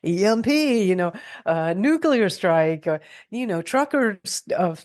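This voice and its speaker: A middle-aged woman talking casually as a guest, animated and rambling with many restarts. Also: mid-range voice, takes it slowly, no echo, studio quality. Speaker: guest expert on food self-reliance. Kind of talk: casual interview talk.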